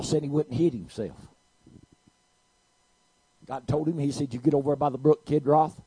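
A man preaching a sermon, telling a story and swinging from quiet to loud. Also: on the high side, steady tone, moderate pace, long pauses, breathy edge, no echo, rough recording.

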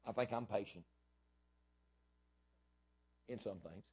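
A middle-aged man preaching a sermon as pastor, emphatic and repetitive, swinging from loud bursts to quieter stretches. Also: lowish voice, slow, breathy edge.

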